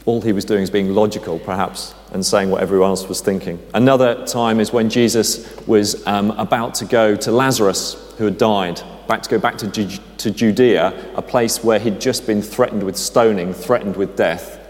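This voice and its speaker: A man preaching a sermon in a conversational, gently humorous storytelling way. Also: lowish voice, steady tone, normal speed, hardly any pauses. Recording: long hall reverb.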